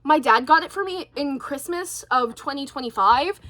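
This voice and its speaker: A woman rambling through a casual vlog monologue, her voice high and sharply bright. She hops from tangent to tangent, piling on fillers and sounding openly exasperated. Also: normal speed. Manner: chatty, goes off on tangents, many fillers; animated and exasperated. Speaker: vlogger.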